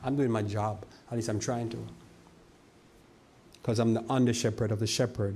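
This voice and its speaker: A male pastor giving a sermon, reading scripture slowly and asking the congregation rhetorical questions, often repeating and restarting words. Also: lowish voice, steady tone, darkish tone, husky. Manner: preaches with rhetorical questions and slow scripture quoting.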